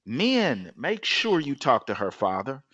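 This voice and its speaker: Male podcast co-host, animated storyteller, dry close-miked sound. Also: medium pitch, a little slow, slightly rough, no room sound, highs cut off. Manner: animated storyteller, joking, slangy. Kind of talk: casual podcast chat.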